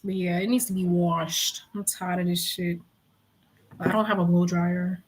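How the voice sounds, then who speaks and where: A woman's voice: lowish voice, little pitch movement, measured pace, a little hiss or hum. A young woman giving a casual, chatty tarot reading, swearing freely and talking to viewers like friends. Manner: chatty, profane, laughs a lot. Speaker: tarot reader.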